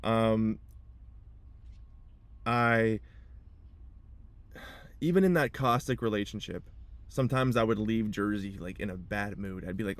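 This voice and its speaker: A man's voice: lowish voice, unhurried, pauses often. Emotional young man vlogging from his car. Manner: rambling, restarts and repeats himself. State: emotional, holding back tears. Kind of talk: personal vlog monologue.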